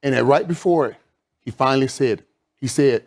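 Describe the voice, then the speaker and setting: A man's voice: mid-range voice, normal speed, darkish tone. A man on a sports debate panel, giving confident, emphatic analysis of a football win.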